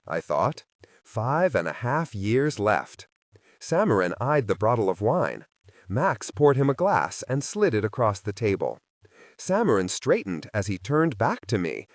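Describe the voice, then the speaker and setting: A man narrating a story in the first person, with expressive, scripted delivery. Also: lowish voice, no room sound, studio quality. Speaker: audiobook narrator.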